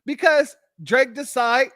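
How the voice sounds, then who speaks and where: An American man hosting a live-stream commentary, sarcastic and animated, calling his viewers family. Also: very high voice, slow, no room sound, clean studio sound. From United States.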